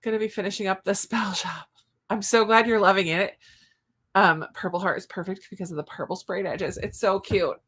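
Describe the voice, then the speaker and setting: A woman's voice: medium pitch, fairly even intonation, fairly quick, a bit bright, breathy edge. A woman hosting a cozy reading-sprint livestream, chatting casually and reading out viewer comments with giggly asides. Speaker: booktube livestream host.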